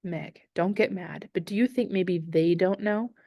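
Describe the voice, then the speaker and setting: A kind teenage boy who talks gently and reassuringly, read aloud by a woman. The voice sits a little low and sounds close and dry. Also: a little slow, vocal fry, no echo. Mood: gentle.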